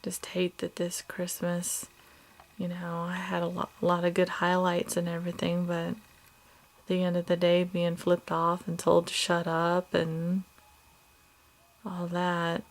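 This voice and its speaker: An upset woman, a mother of two small children, talking haltingly into a video diary, now and then dropping to a whisper. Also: fairly low pitch, monotone. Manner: halting, hesitant, many fillers and restarts; subdued, drops at times to a whisper.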